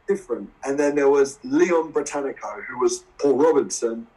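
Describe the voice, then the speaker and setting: Man, Essex accent, twenties, casual storytelling, swears and laughs, mid-pitched voice, distant mic. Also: moderate pace, mellow. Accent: English, Essex. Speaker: guest wrestler. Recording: voice a bit far from the mic.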